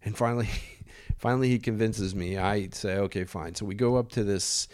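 A man telling a wild anecdote in a casual, animated way, with lots of swearing and vivid detail. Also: lowish voice, moderate pace, smooth, no room sound, clean studio sound. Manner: profane, animated, vivid storytelling. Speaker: storyteller.

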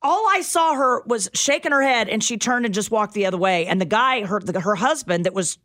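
A woman co-hosting a radio show, telling a story in an animated, dramatic way. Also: medium pitch, a little fast, no echo, studio quality. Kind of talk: casual storytelling chat.

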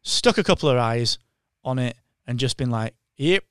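Brief: male podcast co-host, mid pitch, mocking tone, dry close mic. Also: lively intonation, moderate pace, fairly bright tone, smooth, no room sound. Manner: sarcastic, mocking, slips into impressions. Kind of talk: casual chat.

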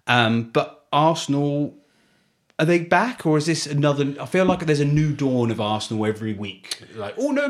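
A man hosting a casual football podcast, steering topics and asking blunt questions. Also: medium pitch. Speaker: podcast host.

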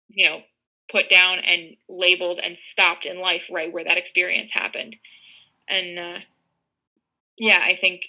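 A woman's voice: fairly low pitch, sharp tone, low-quality recording. A woman co-hosting a casual podcast chat, reflective and circling through her thoughts. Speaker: podcast co-host.

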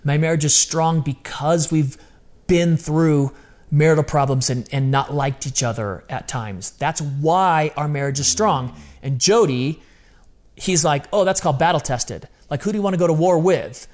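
A man's voice: fairly high pitch, moderate pace, a little mellow. A man talking as an interview guest, telling personal stories in an emphatic, casual, slang-heavy way. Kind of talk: candid personal storytelling.

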